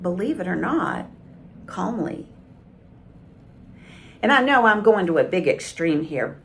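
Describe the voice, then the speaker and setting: A woman communication coach giving calm, measured advice straight to camera. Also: medium pitch, creaky. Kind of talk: direct-to-camera coaching talk.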